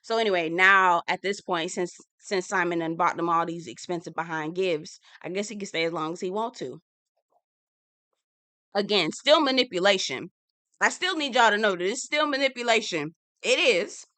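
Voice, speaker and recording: Sassy bright-voiced woman recapping TV. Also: on the low side, moderate pace, dry recording. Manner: sassy, animated, acts out quoted lines. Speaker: TV recap reviewer. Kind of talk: casual reality TV recap commentary.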